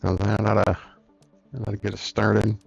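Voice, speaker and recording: A man hosting a game let's-play, thinking aloud in an unhurried way as he plays. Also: on the low side, completely flat delivery, gravelly, slightly rough. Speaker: gaming channel host. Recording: dull lo-fi recording, faint music.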